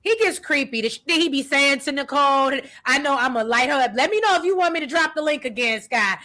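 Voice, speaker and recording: A woman hosts a casual recap chat and reads viewer comments aloud. Her voice is bright and a little high. She talks in an animated, slangy way. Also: quick pace. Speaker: podcast host reading comments.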